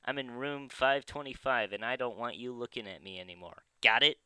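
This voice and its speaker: A man voicing an angry young male caller making loud, aggressive threats. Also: mid-range voice, brisk, clear, resonant tone, dry recording, voice pushed up, rough recording. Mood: threatening.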